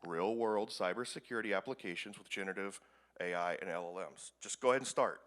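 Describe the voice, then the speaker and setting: A man's voice: sits low, fast, a bit bright. A man giving a conference presentation in a casual, rambling, self-deprecating way. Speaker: conference speaker. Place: conference room.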